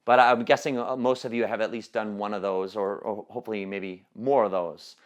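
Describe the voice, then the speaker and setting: A man's voice: on the low side, fairly even intonation, brisk. A man leading a training call on coaching sales, talking casually with many fillers and restarts. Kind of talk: teleconference training talk.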